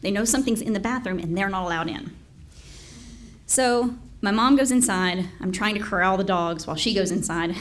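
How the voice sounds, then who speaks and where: A woman telling a funny story at a storytelling contest, laughing between lines and swearing freely. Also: mid-range voice. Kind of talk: live competitive storytelling.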